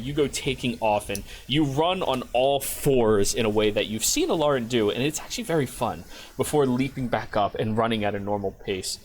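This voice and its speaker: A man narrating a tabletop game as game master, in a relaxed storytelling manner. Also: mid-range voice, slight background noise.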